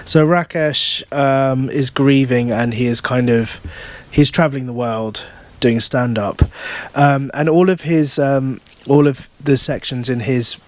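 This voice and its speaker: A man's voice: mid-range voice, steady tone, a little slow, dry recording. A man, an author, talking casually at a bookshop event and reading from his novel, with many fillers and restarts. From United Kingdom.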